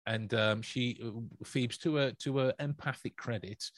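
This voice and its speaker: A man's voice: mid-range voice, steady tone, unhurried, dry recording. Chatty man, dry close sound. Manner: chatty, rambling, with frequent restarts and laughs. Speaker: podcast co-host. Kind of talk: casual podcast chat.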